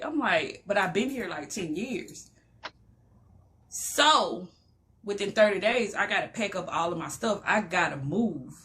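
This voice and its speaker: Bright-voiced woman sharing testimony. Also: a little high. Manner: emotional storytelling, preacher-like cadence, repeats phrases. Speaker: motivational talk host. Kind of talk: personal testimony in a motivational talk.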